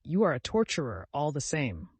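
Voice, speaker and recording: A man voicing an agitated, humiliated gentleman who shouts and repeats himself at his servant in an audiobook. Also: a little high, wildly swooping pitch, normal speed, husky, dry recording, full character voice. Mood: furious.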